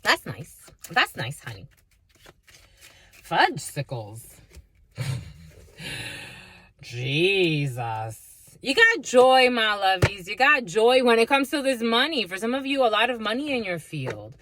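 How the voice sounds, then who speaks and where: A woman's voice: a little high, sing-song, slow pace, pauses often, fairly bright tone, a little hiss or hum. Blunt, foul-mouthed woman tarot reader. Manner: blunt, swears often, mocking asides. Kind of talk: spiritual reading with profanity.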